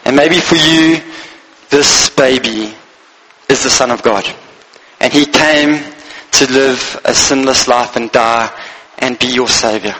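A man's voice: medium pitch, sharp tone, slightly rough, rough recording. Earnest male pastor preaching. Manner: earnest, pausing preacher reading scripture aloud. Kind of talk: sermon.

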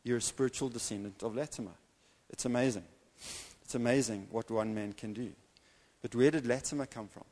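A man preaching a sermon in an evangelical church, telling a story with animated delivery and dramatic pauses. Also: medium pitch.

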